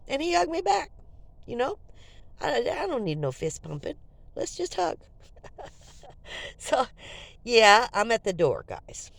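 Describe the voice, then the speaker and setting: Lively older woman telling stories. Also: medium pitch. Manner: animated, jokey, talks straight to viewers. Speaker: vlogger. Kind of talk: casual storytelling to viewers.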